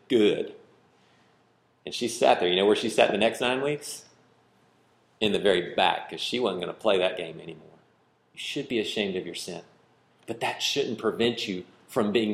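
A man preaching and teaching a Bible verse, lively and conversational, acting out little scenes and questioning his listeners. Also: lowish voice. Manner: animated, acts out little scenes, asks the room questions. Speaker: pastor. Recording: roomy echo.

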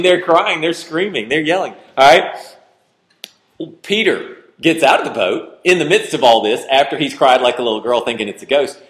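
A man preaching a sermon, questioning the congregation and swinging from loud outbursts to hushed delivery. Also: a little high. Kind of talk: interactive sermon. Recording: roomy reverberant hall.

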